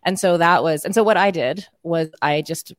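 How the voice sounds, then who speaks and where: A Canadian woman in her forties with a Canadian accent, chatting as an interview guest, animated, laughing often and filling with "like" and "um". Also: on the low side, normal speed, dry recording, studio quality. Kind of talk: casual interview chat.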